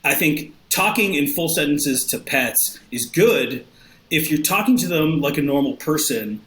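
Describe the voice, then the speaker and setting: Lively bright-voiced man in an echoey room. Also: fairly high pitch, a little slow. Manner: animated storytelling, laughs often, acts out quotes. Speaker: podcast guest. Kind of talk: casual chat. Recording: roomy echo.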